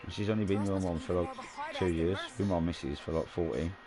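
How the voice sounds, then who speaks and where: A man's voice: low voice, a little fast, over music. A man chatting casually and swearing while streaming a game. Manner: swearing, rambling storytelling. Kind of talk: casual chat while gaming.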